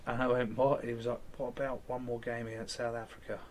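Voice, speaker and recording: A man's voice: mid-range voice, little pitch movement, quick pace, darkish tone, a little hiss or hum. A man, candidly retelling events in an interview and acting out quoted lines, with some casual swearing.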